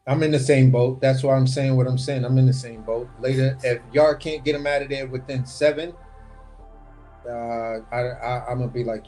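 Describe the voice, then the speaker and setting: A man on a livestream video call, animated and opinionated, repeating words as he builds his point about boxing. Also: medium pitch, moderate pace, faint music behind. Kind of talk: casual boxing chat on a livestream.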